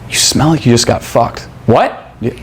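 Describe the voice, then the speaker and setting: A man's voice: medium pitch, fairly quick, background noise. A man teaching a seminar class in a crude, profane manner. He quizzes his students and acts out pickup lines. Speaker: seminar instructor.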